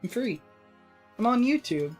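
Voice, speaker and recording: A woman's voice: a little high, big pitch swings, measured pace, darkish tone, husky, faint music behind. A woman from Texas hosting a let's play, chatting casually and joking at herself as she builds. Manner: rambling, self-mocking and jokey, with some swearing. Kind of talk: casual gaming commentary.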